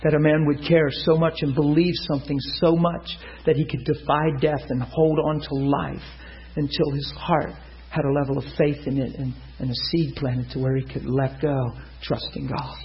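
Man, preacher telling a story in a sermon, fairly high voice, lo-fi recording. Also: normal speed. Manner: animated, acts out quotes with sudden loud high bursts. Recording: muffled lo-fi sound.

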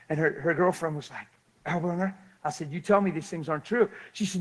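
An animated preacher tells a sermon story. His voice sits fairly high, and he swings from loud excitement down to soft, hushed passages. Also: brisk, low-quality recording.

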